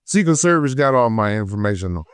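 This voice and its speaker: A man from Detroit with a Detroit accent, telling a story in an unfiltered, profane, heated way, swinging between loud and low. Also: sing-song, quick pace, smooth. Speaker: guest. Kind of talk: unfiltered casual interview. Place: podcast studio.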